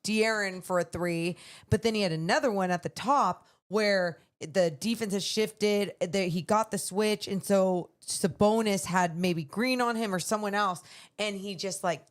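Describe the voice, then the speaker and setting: A woman co-hosting a basketball podcast, chatting casually and enthusiastically about a game. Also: mid-range voice. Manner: enthusiastic, quick to agree. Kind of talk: casual sports chat.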